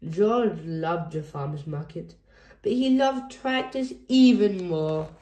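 A woman reading a children's storybook aloud in a gentle, clear storytelling manner. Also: lowish voice, animated, slow. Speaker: storybook reader. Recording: roomy echo.

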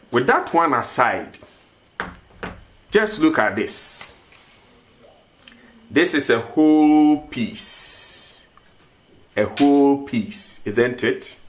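A man's voice: mid-range voice, a little hiss or hum. A man teaching a vocabulary lesson, repeating each word and asking questions for the learner to answer. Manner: slow, repeats words and asks questions. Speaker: language teacher.

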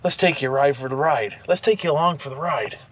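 A man's voice: fairly high pitch, fast. A middle-aged man rambling folksily to the camera as he drives an old pickup truck. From Ontario, Canada. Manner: folksy, rambling, talks to passing animals. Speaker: vlogger. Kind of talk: casual driving commentary. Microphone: camera mounted in the truck cab. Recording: loud engine and road noise in a truck cab. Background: engine and road noise.

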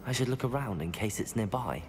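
An actor plays a polite, reserved young wizard student who answers his teachers with calm courtesy. His delivery is expressive over an ordinary male pitch, with game music playing clearly behind him. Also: brisk, lightly acted.

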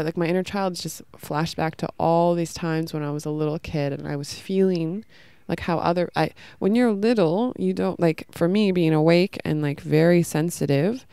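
A woman's voice: sits low, gravelly, mellow, clean tone, no echo. A woman hosting a podcast, telling an emotional personal story in a rambling way with many fillers. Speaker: podcast host.

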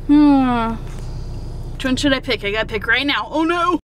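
Bubbly woman vlogger, slightly high voice, chatting from the car over light traffic noise. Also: animated, moderate pace. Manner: bubbly, giggly, sing-song asides. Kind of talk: casual vlog chat. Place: in a car, driving.

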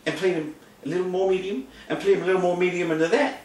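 A man's voice: high-pitched, steady tone, fast, darkish tone. A man giving a goofy, casual drum lesson, joking and repeating himself in mock-boastful bursts. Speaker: drum teacher. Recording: very echoey room, camera mic from a distance.

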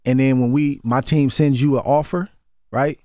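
A man's voice: mid-range voice, fairly even intonation, normal speed, mellow, dry recording. Earnest Oakland-accented man in a studio. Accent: Oakland, Bay Area. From Oakland, California. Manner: earnest, repeats words as he builds a thought. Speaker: guest, former boxer. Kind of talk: casual interview conversation. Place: radio studio. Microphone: studio microphone.

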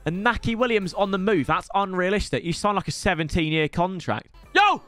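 A young man giving casual, excitable gameplay commentary, swearing and breaking into shouts. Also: high voice, a little fast. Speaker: gaming YouTuber. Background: faint game music.

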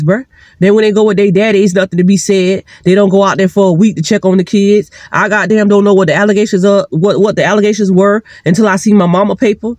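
A woman's voice: medium pitch, a little mellow, no room sound, clean studio sound. A single mother speaking to her vlog camera, venting in a heated, profane, emphatic monologue. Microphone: sitting, talking straight to camera.

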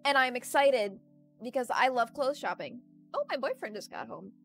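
A faint music playlist runs in the background as a young adult woman chats casually on her home stream. Her voice sits on the high side, expressive and a bit bright, at a normal speed, and she rants, talks at length, and laughs often.

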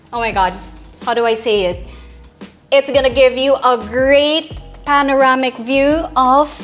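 A woman's voice: a little high, a bit bright. Chatty Filipino woman giving a house tour. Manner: chatty and playful, joking with viewers, mixing in Tagalog. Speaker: real estate house tour host. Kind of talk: casual walkthrough tour. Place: inside a large house, walking room to room.

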